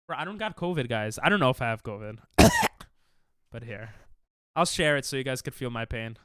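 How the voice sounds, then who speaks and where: A young man streams a game while sick, coughing between jokes and answers to chat. His voice is smooth and resonant, and his pitch jumps around a lot. It is recorded close and dry. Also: lively intonation, normal speed, fairly bright tone, dry recording. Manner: casual, jokey, reads and answers chat. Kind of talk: live-stream gaming chat.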